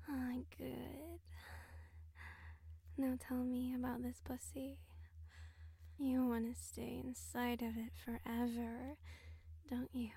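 A woman voicing a domineering royal temptress with a tail, in a whispered role-play, giving slow hypnotic commands in a breathy whisper close to the mic. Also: high-pitched, warm tone, dry recording, heavily acted. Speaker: audio role-play performer.

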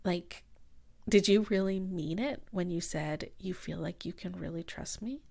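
A woman's voice: fairly low pitch, unhurried, gravelly, darkish tone. A young woman playing a bitter ex-girlfriend in an audio role-play, confronting the listener bluntly and swearing freely.

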